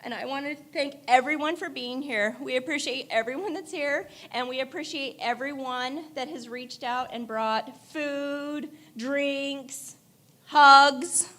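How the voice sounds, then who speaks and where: A woman's voice: high voice, a little slow, pushed and bright. A woman speaking in church at a memorial service, telling candid stories about her late father, laughing through tears and crying at times. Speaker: daughter giving a eulogy. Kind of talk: memorial eulogy.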